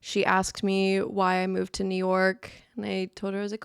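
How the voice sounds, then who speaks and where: A woman's voice: medium pitch, monotone, moderate pace, vocal fry, clean tone, dry recording. Playful woman from Florida, dry close sound. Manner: playful and teasing, laughs easily. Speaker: podcast co-host. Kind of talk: casual chat. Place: podcast studio.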